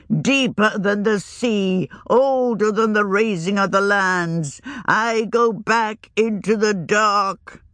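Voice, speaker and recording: A woman voicing a shrewd, earthy old village witch who talks in a rustic, old-fashioned country way, her pitch raised and wavering. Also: a bit bright, dry recording, full character voice. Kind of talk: audiobook reading.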